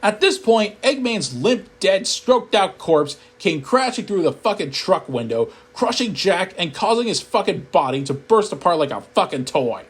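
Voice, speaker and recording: A man narrating a comedic horror story in a profane, deadpan storytelling manner. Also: high-pitched, moderate pace, hardly any pauses, breathy edge.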